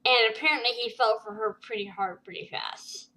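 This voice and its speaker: A woman vlogger telling a personal story to camera, halting and emotional, with many fillers and restarts. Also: on the high side, fairly even intonation, bright, forceful tone, low-quality recording. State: tearful at times.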